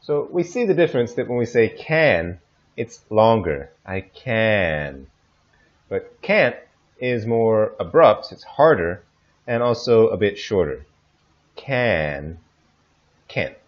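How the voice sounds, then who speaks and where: A man teaching pronunciation, slowly modeling example phrases into a desk microphone. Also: lowish voice, very animated, muffled recording. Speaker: English teacher. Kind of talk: pronunciation lesson. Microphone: desk microphone recorded in audio software.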